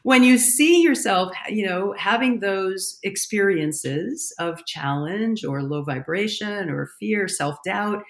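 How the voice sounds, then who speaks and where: Animated woman coach on a podcast. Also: medium pitch, slow, hardly any pauses. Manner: animated, laughs often, acts out inner voices. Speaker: guest, consciousness coach. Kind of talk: conversational podcast interview.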